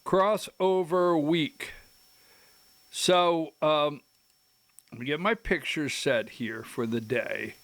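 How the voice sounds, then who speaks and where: A man's voice: mid-range voice, expressive, slow, a bit bright. A man hosting a political commentary show who rambles, breaks into his own sentences and adds emphatic asides. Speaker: host.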